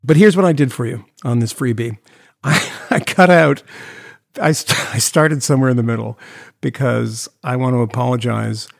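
Sarcastic gravelly man on a podcast. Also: medium pitch, moderate pace, no room sound, studio quality. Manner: sarcastic, mocking, animated rants. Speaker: podcast co-host. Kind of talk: casual chat.

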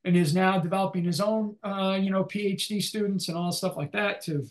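An older male economics professor, appearing as an interview guest, rambles in a relaxed, conversational way, full of restarts and fillers. His voice is high and fairly quick.

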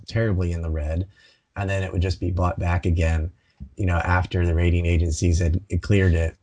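A man's voice: low voice, darkish tone. A man talking casually on a video call, rattling off dense information with many fillers. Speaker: podcast host. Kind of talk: casual interview talk.

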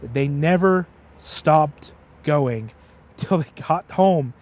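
A man's voice: a little high, animated, very slow, a little mellow. A man chatting as his father's guest, retelling a story with passion and often stumbling over repeated words. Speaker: guest, host's son. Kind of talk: casual storytelling chat.

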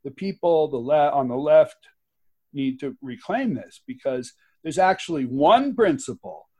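Emphatic man, slightly high voice. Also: lively intonation, a little slow, darkish tone, husky. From United States. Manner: emphatic and passionate, with frequent laughs and restarts. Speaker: guest author and activist. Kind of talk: conversational interview.

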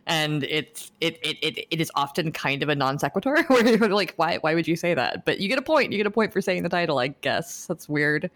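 A woman's voice: deep voice, animated, brisk, hardly any pauses, a bit bright. A woman co-hosting a podcast, talking enthusiastically and rambling with many restarts. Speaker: podcast co-host. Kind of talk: casual podcast chat.

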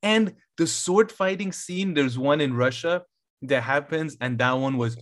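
A man co-hosting a podcast in relaxed casual chat, easygoing and full of "like". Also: a little high, a little slow. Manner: easygoing, laughs along, uses "like" often. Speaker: podcast co-host.

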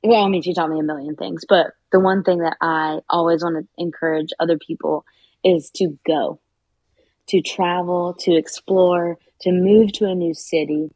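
A woman talking as a podcast guest, earnest and encouraging as she shares advice. Her voice sits a little low, with a mellow, husky tone. The recording is dry, with no room echo. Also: steady tone, normal speed. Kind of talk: conversational interview.

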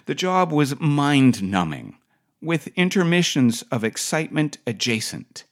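Slow, wry middle-aged male essayist. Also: on the high side, big pitch swings. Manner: dry, wry storytelling. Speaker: podcast essayist. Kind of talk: reading a personal essay.

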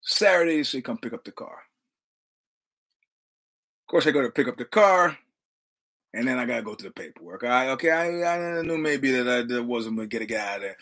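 A man's voice: medium pitch, expressive, quick pace, a bit bright. A man hosting a podcast, telling a casual story with profane, repetitive, punchy delivery. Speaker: podcast host.

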